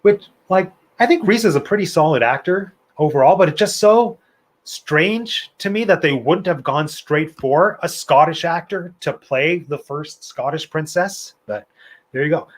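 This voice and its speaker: A man with a slightly raised pitch hosts a live trivia stream. He reads out questions and options and wanders off into playful, opinionated asides. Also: a little slow. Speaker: trivia host.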